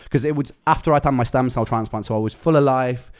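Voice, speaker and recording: A man's voice: medium pitch, fast, clean tone. A young man streaming live, telling a long story in casual chat, swearing and using slang freely.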